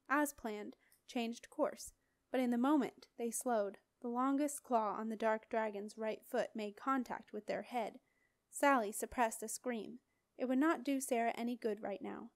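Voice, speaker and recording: Dramatic and expressive, this audiobook reader narrates a fantasy tale in a voice that sits a bit high. The mic is close and the sound dry, with no reverb at all.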